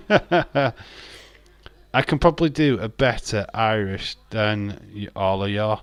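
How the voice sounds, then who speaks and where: A man's voice: on the low side, animated, takes it slowly, pauses often, clear, resonant tone, no room sound. A man hosting a live stream, chatting casually, reading out chat messages and teasing viewers with frequent laughs. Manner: jokey, teasing, laughs often.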